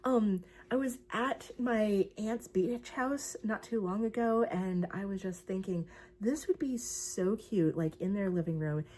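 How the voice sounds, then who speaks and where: A woman's voice: medium pitch, measured pace, a little mellow. A young woman talking casually about her crochet project, chatty and rambling, with lots of fillers. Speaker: crochet vlogger. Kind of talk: casual craft vlog chat.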